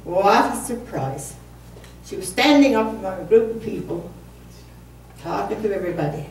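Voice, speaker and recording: Animated and darkish in tone, a woman in her seventies with a mid-range voice speaks at a moderate pace and pauses often. She's telling a wandering, funny story at a community concert and keeps laughing at herself. The hall is echoey, the mic distant, and faint room noise lingers.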